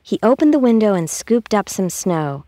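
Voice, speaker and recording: A woman reading a children's story aloud in a calm, measured way. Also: medium pitch, no room sound. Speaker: narrator.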